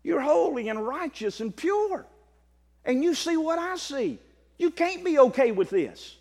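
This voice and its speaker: A Baptist preacher, a man, giving a sermon. He moves from quiet asides to loud exclaiming and often repeats words. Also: very high voice, big pitch swings, unhurried, creaky, in a large hall.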